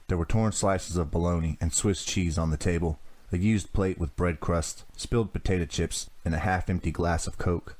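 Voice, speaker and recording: A man narrating a teen horror audiobook in a measured, even storytelling manner. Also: sits low.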